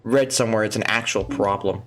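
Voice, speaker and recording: A man voicing a gloomy, deadpan young man. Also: on the low side, fairly quick, pitched below the performer's own voice, close to an everyday voice. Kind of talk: reading game dialogue aloud.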